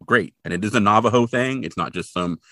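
A man co-hosting a casual podcast, recapping a TV episode with animated, laughing chatter. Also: fairly low pitch, fairly quick, no echo, clean studio sound. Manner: animated, laughs often, trails off mid-sentence. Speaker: podcast co-host.

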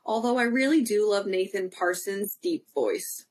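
A woman's voice: medium pitch, normal speed. A woman co-hosting a casual chat, bubbly and teasing, laughing a lot. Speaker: co-host.

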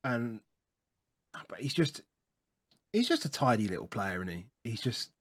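A man's voice: mid-range voice, sing-song, unhurried, slightly rough. Hesitant man talking football. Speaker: podcast co-host. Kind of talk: casual football chat.

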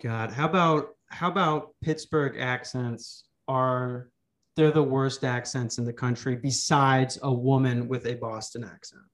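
A man's voice: medium pitch, steady tone, unhurried, a bit bright. A man hosting a podcast, chatting casually and crudely, rambling with jokes and restarts. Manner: rambling, joking, frequent restarts. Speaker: podcast host. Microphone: remote call mic.

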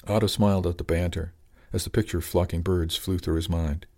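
A man narrating an audiobook chapter in a calm, even storytelling manner. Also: low voice, fairly quick.

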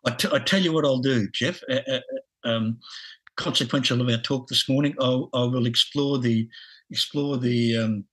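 A man in his sixties with an Australian accent, a podcast guest talking haltingly with lots of restarts and chuckles. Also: medium pitch, fairly bright tone, breathy edge, poor audio. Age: 60s. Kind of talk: casual interview.

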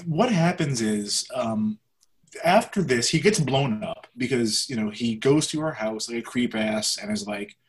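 A man's voice: mid-range voice, lively intonation, a little slow, poor audio. A man co-hosting a casual podcast, talking bluntly and sarcastically with plenty of swearing. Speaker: podcast co-host. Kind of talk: casual chat.

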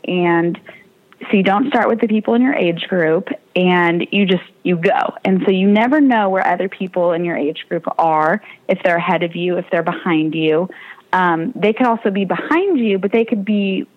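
A woman's voice: on the low side, moderate pace, dull audio. A young woman, a triathlete guest in an interview, telling her story casually and with animation, laughing often and acting out the voices of people she quotes.

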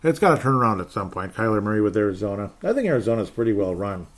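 A man's voice: fairly low pitch, big pitch swings, very fast. A man hosting a solo football podcast, recapping the week's games in a sarcastic, rambling way, with sighs and chuckles. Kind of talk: casual solo sports recap.

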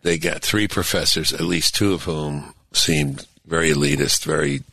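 Deep-voiced older male podcast host. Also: normal speed, gravelly, bright, forceful tone, dry recording. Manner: conversational, chuckling asides, frequent restarts. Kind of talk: casual political talk.

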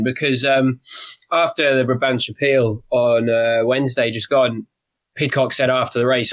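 A man from Britain with a British accent, a podcast guest who explains in a wry, measured way. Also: medium pitch, level tone, dry recording, rough recording. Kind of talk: casual analytical chat.

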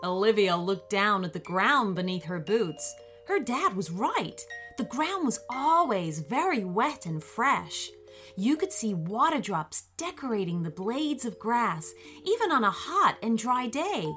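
A woman narrating a children's bedtime story in a soothing, expressive way. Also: mid-range voice, measured pace, faint music behind.

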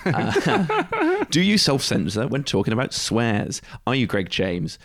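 A man co-hosting a podcast, wrapping up the episode in a quick, wry, self-deprecating way. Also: on the low side, big pitch swings, a bit bright. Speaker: podcast co-host. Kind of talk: casual podcast sign-off.

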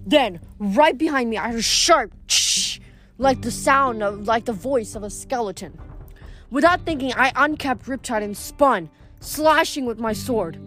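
A woman reading a novel aloud in first person, often tripping over words and correcting herself. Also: on the high side. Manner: first-person narration with frequent stumbles and self-corrections. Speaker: audiobook reader.

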